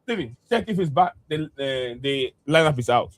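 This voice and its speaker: A man's voice: medium pitch, lively intonation, normal speed, dry recording. A man hosting a football live stream, chatting with viewers directly in a hesitant way with many "uh" fillers. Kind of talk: casual football chat with viewers.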